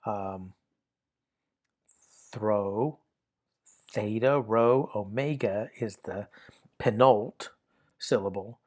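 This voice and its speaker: A man's voice: on the low side, very slow, pauses often. A man teaching a grammar lesson in a methodical, step-by-step way, often repeating and restarting phrases as he works through examples.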